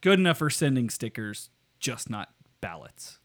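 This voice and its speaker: A man's voice: mid-range voice, big pitch swings, normal speed, a bit bright. Male podcast host, casual, crude jokes, rambling restarts, home studio. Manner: joking, swearing, rambling with restarts.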